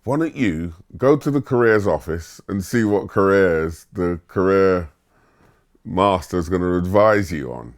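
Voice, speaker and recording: Guy doing his dad, nagging about money, insistent and a bit higher than his own voice. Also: lively intonation, measured pace. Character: skeptical practical father nagging his son.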